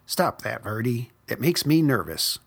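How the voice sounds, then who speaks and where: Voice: medium pitch, sing-song, a little slow, vocal fry, full character voice. A storyteller voicing a fussy, easily annoyed old snake in a storybook. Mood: irritated. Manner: complaining, prim.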